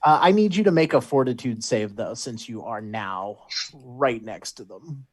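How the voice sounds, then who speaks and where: A man with a medium-pitched, breathy-edged voice runs a tabletop game as game master. He animatedly describes scenes and calls for rolls, restarting his sentences quickly.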